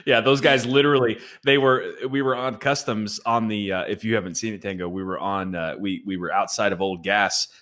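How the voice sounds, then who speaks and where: A man's voice: on the low side, steady tone, brisk, hardly any pauses, a bit bright. A man co-hosting a casual gaming chat, rambling with restarts and lots of agreement.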